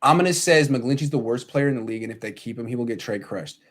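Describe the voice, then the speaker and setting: A male sports podcast host in casual chat, ranting in an animated, exasperated way. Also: mid-range voice, fast.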